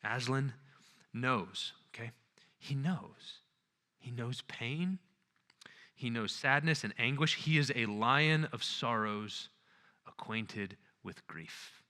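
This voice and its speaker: A man's voice: on the low side, sharp tone, in a large hall. A man giving a conference lecture, retelling a story earnestly and checking in with the audience. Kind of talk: lecture on literature and faith.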